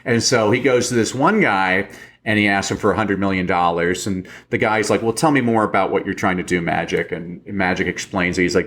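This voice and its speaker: Lowish-voiced storytelling guest man. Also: fairly quick. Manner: animated storyteller, acts out quotes. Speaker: podcast guest, speaker. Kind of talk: casual interview chat.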